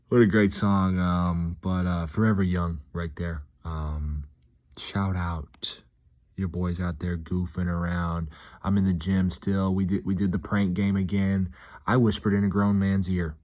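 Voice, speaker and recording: A man talking in a casual, rambling vlog monologue from a gym, upbeat and reflective, with frequent pauses. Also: sits low, flat delivery, darkish tone. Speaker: vlogger.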